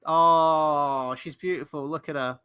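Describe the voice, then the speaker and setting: A man hosting a live movie-night stream, chatting casually and excitedly and swearing freely. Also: on the high side, takes it slowly, clear, resonant tone, dry recording. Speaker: livestream host and movie reviewer. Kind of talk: casual live watchalong commentary.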